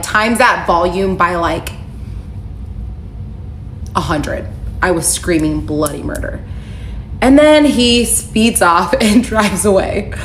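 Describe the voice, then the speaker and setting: A young woman tells her own story straight to the camera, candid and wry, reading out old messages without putting on voices. Her voice sits a little low, and the echoey room has a faint hum behind it.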